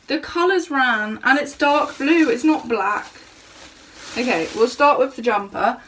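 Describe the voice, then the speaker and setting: A woman's voice: on the high side, animated, moderate pace, a bit bright, a little hiss or hum. Chatty young woman vlogging. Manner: chatty, self-mocking, exclamatory. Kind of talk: casual vlog chat. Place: home and garden. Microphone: handheld camera, shaky.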